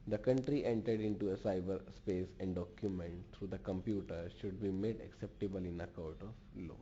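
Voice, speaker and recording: A man's voice: sits low, steady tone, normal speed, warm tone. A man giving an online business lecture in a formal way, restating each point in other words. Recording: dull lo-fi recording with faint noise.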